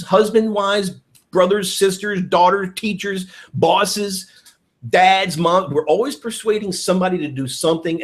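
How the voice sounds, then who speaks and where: A man giving a network marketing training talk, excitable and acting out phone calls with sudden bursts of shouting. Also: fairly high pitch. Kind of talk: animated sales training talk.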